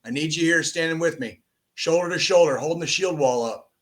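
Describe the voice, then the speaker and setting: A man's voice: on the high side, brisk. A man hosting a podcast, giving a profane, impassioned pep talk and checking in with repeated "okay?" and "all right?". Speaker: podcast host.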